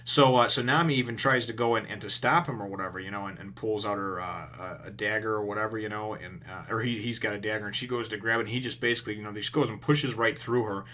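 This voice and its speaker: A man's voice: lowish voice, fairly even intonation, quick pace, hardly any pauses, bright, forceful tone, slight background noise. A man casually recapping and reviewing a comic chapter, rambling with lots of fillers and the odd swear word. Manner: rambling, heavy on fillers like "you know", emphatic and casually profane.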